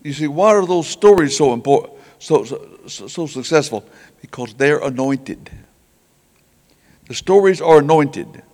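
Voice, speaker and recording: Recorded with church hall reverb, an older preacher recounts revival stories in a folksy style, stumbling over and repeating words while voicing the characters. He sounds expressive and a little mellow, with a voice on the high side and a slightly slow pace.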